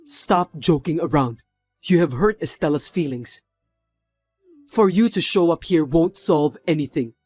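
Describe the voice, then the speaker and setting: A man's voice: on the high side, lively intonation, a little slow, darkish tone, slightly rough, soft background music. A man voicing a company executive who sternly scolds someone for her cruelty in a drama. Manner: stern, reproachful.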